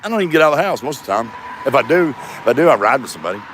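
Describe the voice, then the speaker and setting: Man in his fifties, rambling profane vlog, lively swinging pitch, outdoor front yard, faint traffic behind. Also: rapid-fire. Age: 50s. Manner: rambling, profane, self-mocking. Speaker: comedian vlogger. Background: passing traffic.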